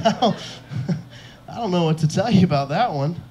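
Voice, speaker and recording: A man's voice: on the high side, animated, normal speed, darkish tone, a little hiss or hum. Young man doing self-deprecating stand-up. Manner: self-deprecating, chuckles at his own jokes. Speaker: stand-up comedian. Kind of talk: stand-up comedy set. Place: comedy club stage.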